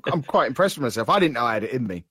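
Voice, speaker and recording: Teasing man with a lively voice. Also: mid-range voice, very fast, slightly rough, dry recording. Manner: teasing, dry jokes. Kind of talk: casual gaming chat.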